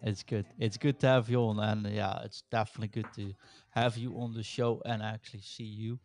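A man's voice: fairly low pitch, level tone, brisk, a little mellow. A man in his thirties hosting a podcast, chatting casually and joking with frequent laughs. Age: 30s. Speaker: podcast host. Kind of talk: casual chat.

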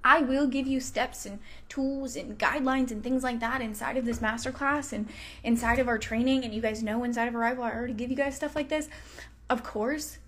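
A woman's voice: on the high side, fairly even intonation, a little fast. A woman hosting a self-help podcast, talking casually and swearing freely. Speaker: podcast host. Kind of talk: motivational self-help talk.

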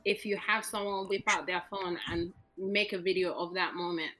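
Animated woman guest on a podcast call. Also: lowish voice, moderate pace, faint music behind, rough recording. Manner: animated, incredulous, laughing questions. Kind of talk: casual podcast chat. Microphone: remote call.

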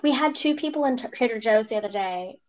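A woman's voice: on the high side, quick pace. Chatty young mother telling stories. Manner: animated storytelling, mimics strangers' voices. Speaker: podcast co-host. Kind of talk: casual chat.

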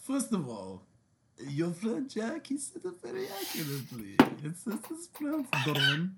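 A man's voice: high-pitched, wildly swooping pitch, normal speed, creaky, very noisy, voice pushed up, heavily acted. A man putting on an indignant, repetitive Israeli guy. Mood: lecturing. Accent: put-on Israeli. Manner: indignant, repeats himself. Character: boastful, touchy Israeli man, adult. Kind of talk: improvised accent challenge.

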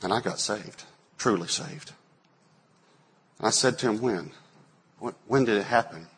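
A man in his forties, a pastor preaching a sermon, telling stories and acting out quotes with sudden loud bursts. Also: fairly low pitch, measured pace, slight background noise. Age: 40s.

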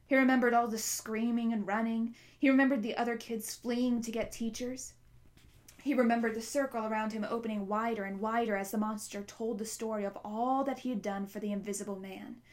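A woman narrating a novel at a steady pace, with small slips now and then. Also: on the high side, brisk. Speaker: audiobook narrator. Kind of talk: reading a novel aloud.

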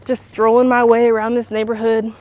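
A woman's voice: a little high, little pitch movement, fairly quick, dark tone. Chatty young woman podcasting on a walk. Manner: chatty, rambling, many "like" fillers. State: slightly out of breath. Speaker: podcast host. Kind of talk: casual chat while walking. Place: outdoors, walking around a neighborhood.

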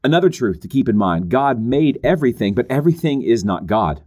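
A man's voice: mid-range voice, big pitch swings, brisk, mellow. A man giving a Bible teaching, earnest and emphatic, walking through points in numbered lists with occasional restarts and asides. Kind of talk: teaching talk on theology.

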